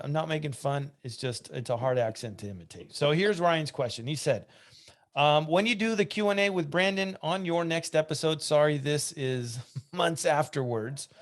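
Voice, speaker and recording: A man hosting a church podcast, reading listener questions aloud and chatting with asides. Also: fairly high pitch. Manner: conversational, reads aloud with asides and restarts. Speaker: podcast host.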